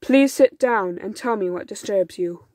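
A woman voicing a kind, gentle, wise old man from a village, speaking calmly in a storybook reading. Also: mid-range voice, a little slow, dry recording, lightly acted. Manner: gentle, calm.

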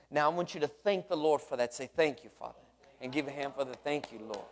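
A man's voice: mid-range voice, fast talker. A man leading a church service, fervent and repetitive, calling hallelujah and amen to the congregation. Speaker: worship leader and drummer leading a church service. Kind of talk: lively church service exhortation and prayer. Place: church sanctuary.

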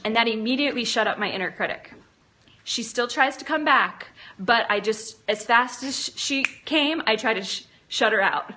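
A woman's voice: fairly high pitch, moderate pace, bright, forceful tone, slight background noise. A woman hosting a live phone stream, chatting and encouraging viewers, reading out their comments with frequent ums and restarts. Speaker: livestream host. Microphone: phone camera.

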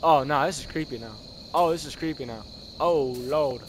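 Male gameplay commentator, high and hoarse, excitable, slang-heavy, with a slight background hiss. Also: normal speed. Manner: excitable, slangy, shouts at scares then mutters. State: hoarse, voice worn from screaming. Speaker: gaming video creator.

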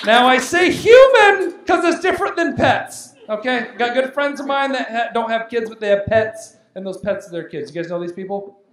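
Animated stand-up comic in echoey hall. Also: male voice, very high-pitched, moderate pace. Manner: animated, chatty, riffs with audience. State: winded from yelling. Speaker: stand-up comedian. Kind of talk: live stand-up comedy. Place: large hall at a benefit show. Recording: echoey hall, noisy crowd.

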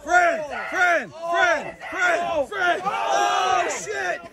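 A man shouting excited reactions during a wrestling brawl. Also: very high voice, very slow, heavy background noise. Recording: loud crowd around.

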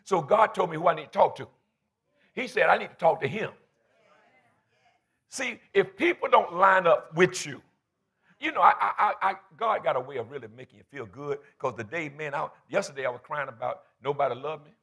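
A man's voice: fairly high pitch, lively intonation, brisk, fairly bright tone, husky. A man in his fifties preaching a fervent, folksy sermon in church, calling for responses from the congregation. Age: 50s. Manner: colloquial, folksy phrasing. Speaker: pastor.

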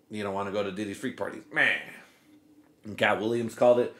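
A man's voice: lowish voice, fairly even intonation, fast talker, a bit bright. Profane rambling comedy podcast man. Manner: loose, profane, rambling, acts out quotes in silly voices. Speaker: podcast host.

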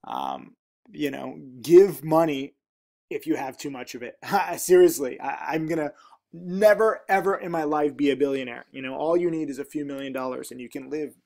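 Male host with a somewhat high voice, rambling casual chat while reading comments aloud. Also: animated, moderate pace, vocal fry, warm tone. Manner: chatty and rambling, with frequent ums and asides. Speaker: trading educator, channel host.

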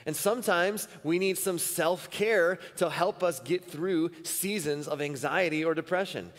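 Earnest male pastor in a reverberant church. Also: fairly high pitch. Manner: earnest, repeats phrases for emphasis. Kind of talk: sermon. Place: church service. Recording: long reverb of a church hall.

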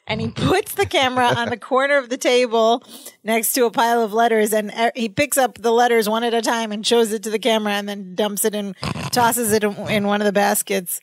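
A woman co-hosting a podcast in a casual, chatty way, her voice sitting a little high and recorded close and dry with no room sound. She retells scenes by quoting the characters and laughs easily. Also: fairly even intonation, brisk, no room sound. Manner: retells scenes with quoted lines, laughing often. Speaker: podcast co-host. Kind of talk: casual recap chat.

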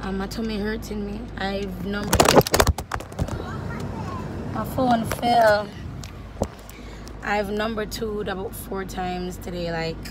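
A woman's voice: mid-range voice, fairly even intonation, slow pace, long pauses, heavy background noise. A woman chatting casually and candidly to camera, joking and slipping into creole. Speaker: vlogger. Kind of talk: casual vlog chat.

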